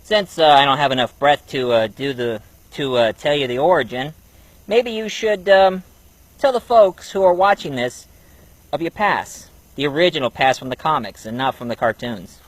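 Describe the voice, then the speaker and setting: A man's voice: mid-range voice, normal speed, no room sound, poor audio. A man hosting a comedic review, bantering in an exasperated way. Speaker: host, reviewer.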